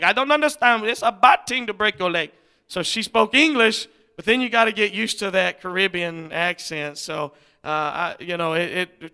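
A man's voice: sits high, creaky, sharp tone. A middle-aged man, preaching as a visiting missionary in a folksy, rambling way. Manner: folksy, rambling, many fillers and restarts. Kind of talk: sermon.

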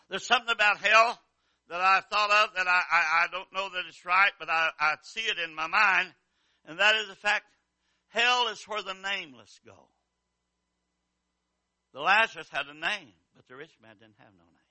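Fervent older preacher, bright voice. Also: male voice, normal speed, no room sound. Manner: swings from low murmurs to high shouted cries; repetitive, fervent preaching cadence. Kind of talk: revival sermon.

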